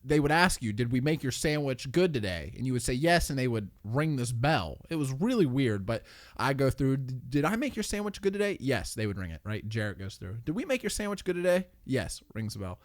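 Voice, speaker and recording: A man co-hosting a podcast, telling animated anecdotes in casual chat and laughing at his own stories. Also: medium pitch, fairly quick. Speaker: podcast co-host.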